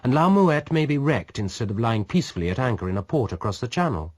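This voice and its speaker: A male audiobook reader voicing a daring pirate captain who teases with dry, calm confidence. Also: mid-range voice, fast talker, voice pushed up. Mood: mocking. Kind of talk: audiobook reading.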